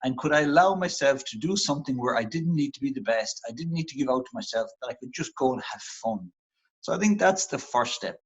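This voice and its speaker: Husky Irish man giving earnest advice. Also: mid-range voice, animated, fairly quick, highs cut off. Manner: earnest, reflective coaching tone. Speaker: performance psychologist. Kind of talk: motivational interview talk.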